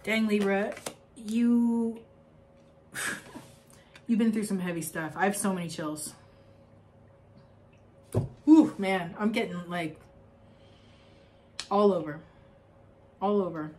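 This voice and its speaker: A woman's voice: mid-range voice, slow pace, long pauses, darkish tone, slight background noise. A young adult woman giving a spiritual oracle card reading, talking in an effusive, rambling way with many fillers and frequent laughs.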